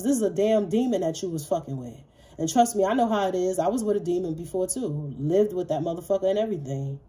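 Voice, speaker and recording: A woman's voice: on the low side, mellow, slight background noise. A woman giving a casual tarot reading straight to her viewers, blunt, profane and worked up. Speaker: tarot reader.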